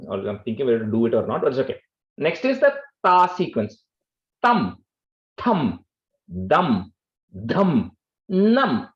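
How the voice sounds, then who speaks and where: A man's voice: medium pitch, echoey room, muffled recording. A man teaching a class on chanting, patiently repeating syllables and explaining how each sound is emphasized. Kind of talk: online class instruction.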